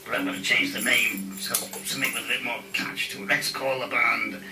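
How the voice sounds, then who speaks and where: A man's voice: medium pitch, flat delivery, brisk, music in the background. A man performing in an amateur puppet show, playful and hammy, heckling and joking. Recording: echoey room, far from mic, loud ambience.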